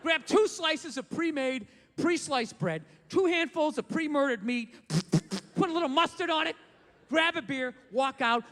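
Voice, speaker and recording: A man doing a stand-up comedy rant, profane and bursting into shouts. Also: extremely high pitch, expressive, a little slow, long reverb tail.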